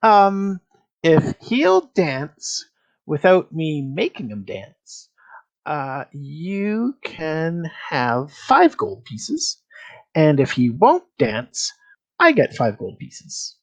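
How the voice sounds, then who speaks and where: A woman voicing a cunning fey dragon who bargains slowly and teasingly. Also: low voice, sing-song, full character voice. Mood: sly. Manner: slow, teasing, sly dealmaker.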